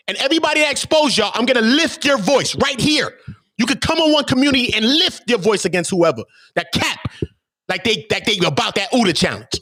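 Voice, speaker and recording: A man's voice: extremely high pitch, sharp tone, no room sound, clean studio sound. A man hosting his own channel, ranting to viewers in a blunt, openly profane and emphatic way. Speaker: channel host.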